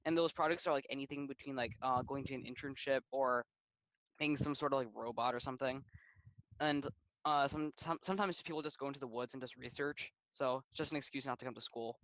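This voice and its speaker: Teen male, fast and filler-heavy, dry close sound. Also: mid-range voice, steady tone, fairly bright tone, no echo, poor audio. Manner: rapid, filler-heavy with constant "like". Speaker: chat participant. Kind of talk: casual group voice chat.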